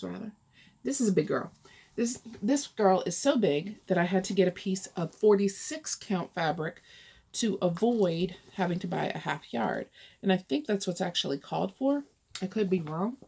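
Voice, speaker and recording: A woman's voice: mid-range voice, vocal fry, mellow, breathy edge. A woman chatting casually as she shows her cross-stitch projects, thinking aloud and rambling as she goes. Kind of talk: casual show-and-tell.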